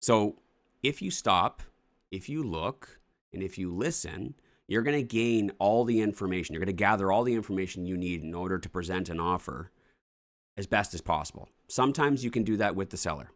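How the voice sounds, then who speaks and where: Deep-voiced, fast-talking coach man. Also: animated. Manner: blunt, swears freely; acts out offers as if speaking to a seller. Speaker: real estate investing coach. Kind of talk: casual coaching talk on a morning show.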